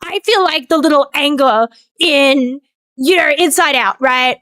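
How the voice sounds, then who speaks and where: A woman's voice: high-pitched, unhurried, fairly bright tone, dry recording. A woman streamer in casual end-of-stream chat, rambling and venting with plenty of swearing, then thanking her viewers.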